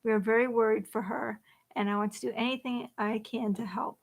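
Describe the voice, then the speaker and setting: A woman co-hosting a live question-and-answer stream, chatting in a relaxed way and reading listener questions. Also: on the high side, brisk, gravelly. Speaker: podcast co-host. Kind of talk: live Q and A chat.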